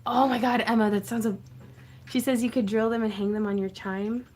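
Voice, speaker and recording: A woman's voice: fairly high pitch, steady tone, fairly quick, a little mellow. A woman hosting a casual craft livestream, chatting to viewers in a gushing, effusive way and laughing often. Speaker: craft channel host.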